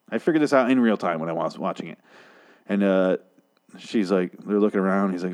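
A man's voice: sits low, quick pace, darkish tone. A man casually recapping a TV episode, rambling and swearing, mocking himself as he goes. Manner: profane, rambling, self-mocking. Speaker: show recapper.

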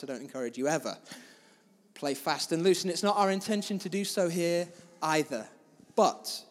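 High-voiced pastor preaching in a hall. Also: male voice. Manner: storytelling with big swings between loud and soft. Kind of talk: sermon.

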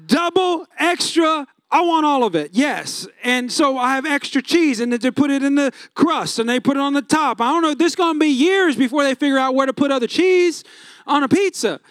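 A man's voice: very high voice, lively intonation, moderate pace, dry recording, studio quality. A man, preaching a sermon in a chatty storytelling manner, asking the crowd questions. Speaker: pastor.

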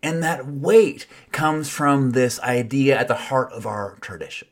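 A man giving a reflective sermon in an earnest tone, with wry self-mocking asides and soft whispered passages. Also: mid-range voice, slow, hardly any pauses. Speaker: preacher.

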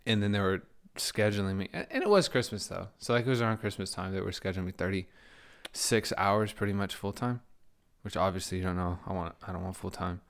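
A man's voice: low-pitched, steady tone, a little fast, fairly bright tone. A young man telling a work story in casual chat, slangy and laughing often. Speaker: podcast guest.

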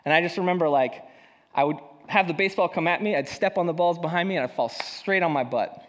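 A man's voice: fairly high pitch, quick pace. A young man preaching a sermon as a pastor, telling a personal story in a casual, self-deprecating way. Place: church hall. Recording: long hall reverb.

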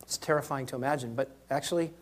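A man preaching a sermon in a church, moving between quiet asides and loud acted-out quotes. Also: medium pitch, fast talker. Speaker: pastor.

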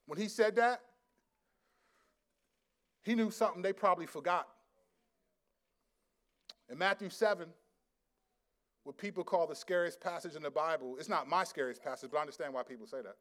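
Male pastor, fairly high pitch, lively slangy sermon with frequent laughter. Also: fairly quick, long pauses. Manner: animated storytelling, laughs often, slangy.

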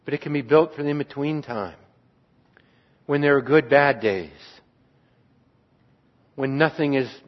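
A man preaching an earnest, reflective sermon on a psalm as a pastor, trailing off softly at times. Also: a little high. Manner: earnest, reflective, with restarts and soft trailing endings. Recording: dull lo-fi sound.

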